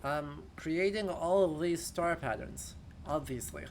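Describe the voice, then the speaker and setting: A man's voice: a little high, lively intonation, measured pace, a little hiss or hum. A man streaming a video game, joking and sarcastic, sometimes slipping into a mock announcer voice. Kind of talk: casual let's-play commentary.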